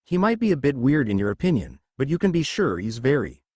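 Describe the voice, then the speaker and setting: A man's voice: mid-range voice, very animated, fairly quick, darkish tone, husky, no echo. A man voicing a weary, grumpy male teacher who speaks in a dry, tired tone, in a storybook reading.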